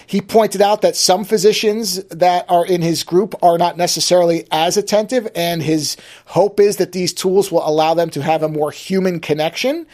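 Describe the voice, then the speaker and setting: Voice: mid-range voice, fairly even intonation, normal speed, hardly any pauses, a little mellow. Chatty podcast host thinking aloud. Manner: conversational, thinking aloud with frequent restarts. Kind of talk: solo daily podcast monologue.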